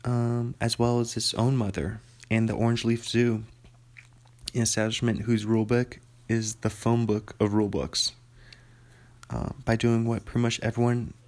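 Man doing a tv news anchor voice, mock-formal, loud, gravelly edge. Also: mid-range voice, little pitch movement, moderate pace, lightly acted. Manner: mock-formal, rolling long sentences. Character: male TV news anchor, smooth and showy.

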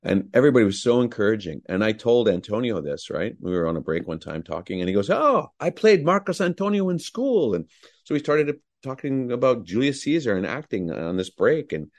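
A man's voice: fairly low pitch, expressive, fairly quick, a little mellow. A middle-aged male actor, a guest, telling enthusiastic, rambling anecdotes full of fillers. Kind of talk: anecdotal storytelling.

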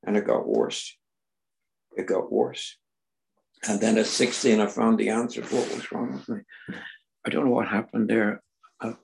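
An older Northern Irish man giving personal testimony at a recovery meeting, telling his story earnestly and dropping from loud emphasis to near-whispers. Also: lowish voice, vocal fry, low-quality recording. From Northern Ireland.

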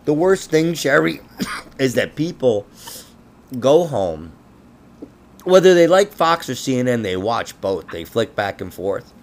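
A man's voice: medium pitch, sing-song, a little slow, pauses often. A man hosting a casual conspiracy podcast, rambling and laughing, with frequent swearing. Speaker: podcast host.

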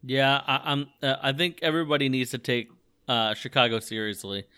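A man co-hosting a casual sports chat, talking excitedly and restarting his sentences often. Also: mid-range voice, fairly quick, smooth. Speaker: podcast co-host.

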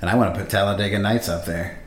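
Low-voiced man in casual chat. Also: fast talker, reverberant, a little hiss or hum. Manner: profane, animated, laughs while retelling scenes.

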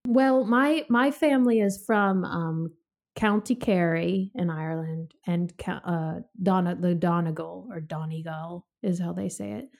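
A woman's voice: on the low side, measured pace, gravelly, a little mellow. A woman hosting a casual movie podcast, chatty and laughing often, reading a film synopsis aloud. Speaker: podcast host. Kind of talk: casual movie review chat.

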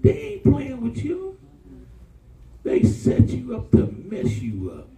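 A man preaches slowly with vocal fry, a crowd audible behind him, his call-and-response sermon blending jokes and warnings and leaping into high, excited tones. It's recorded distantly in a spacious church.

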